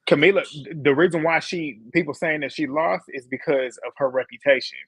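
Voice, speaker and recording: Male host, bright and forceful voice, dry close mic, blunt chatty recap, laughs a lot. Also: on the high side, a little fast, slightly rough, no echo, low-quality recording. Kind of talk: casual live reality show recap.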